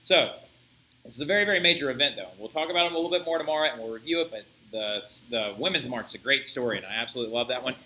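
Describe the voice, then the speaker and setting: A young male history teacher giving a video lecture, telling the story in an animated way and often checking in with "right?". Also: mid-range voice, very fast, rough recording. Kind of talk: flipped-classroom video lecture.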